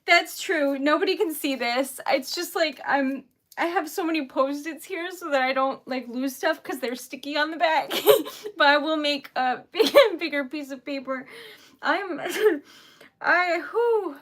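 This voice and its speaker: A woman's voice: sits high, unhurried, fairly bright tone. A woman streaming live and chatting casually, flustered and giggly, laughing through tears and often trailing off mid-sentence.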